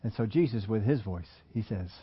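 A man's voice: on the low side, lively intonation, a little fast, slightly rough. A man preaching a sermon in a conversational way, often asking his listeners questions. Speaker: pastor. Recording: muffled lo-fi recording.

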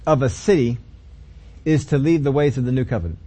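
A man preaching a sermon, emphatic, with sudden loud stressed words between quieter explaining. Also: medium pitch, a little fast.

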